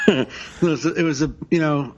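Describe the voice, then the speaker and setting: A man's voice: on the high side, a little slow, dull audio, a little hiss or hum. A man co-hosting a comedy podcast, telling profane stories and laughing between lines. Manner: crude, laughing storyteller. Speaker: comedian co-host. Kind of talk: casual podcast chat.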